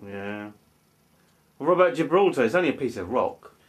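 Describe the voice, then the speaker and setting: A man's voice: mid-range voice, expressive, normal speed, close to an everyday voice. A man in a comedy sketch, bluntly challenging and arguing in an everyday voice.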